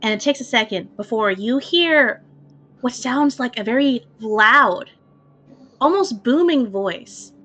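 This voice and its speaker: Higher-voiced woman running a tabletop game. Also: animated, slow, fairly bright tone. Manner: descriptive, laughs easily, casual. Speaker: game master.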